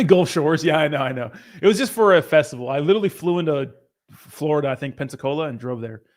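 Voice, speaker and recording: A man's voice: on the high side, lively intonation, quick pace. A young man hosting a crypto livestream who reads out viewer comments in casual, rambling, profane chat.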